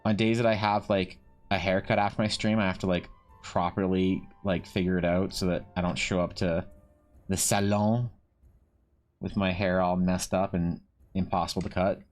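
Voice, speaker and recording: A man's voice: low-pitched, level tone, normal speed, faint music behind. Rambling, profane streamer guy. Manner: rambling and profane, many restarts. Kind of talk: casual chat while drawing on stream.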